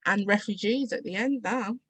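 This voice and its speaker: A woman's voice: medium pitch, normal speed, dry recording. A woman author and publisher, a podcast guest, who talks in a playful, laughing way. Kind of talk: casual interview chat.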